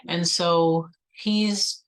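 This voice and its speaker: A woman's voice: on the low side, steady tone, drawn-out words, low-quality recording. A woman vlogger telling a personal story in a chatty way, full of "like" and "you know," acting out her own past replies.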